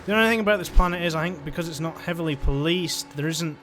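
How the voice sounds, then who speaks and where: Guy playing a game, gushy and excitable, slightly higher voice, little bit of game music behind. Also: fast talker, few pauses. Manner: excitable and gushing, laughs often. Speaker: gaming channel host. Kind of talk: let's play commentary. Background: faint game music.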